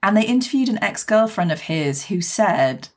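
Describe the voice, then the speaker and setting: A woman's voice: mid-range voice, lively intonation, normal speed, darkish tone. A woman co-hosting a podcast, giving her firm opinions with emphasis. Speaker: podcast co-host. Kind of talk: casual podcast discussion.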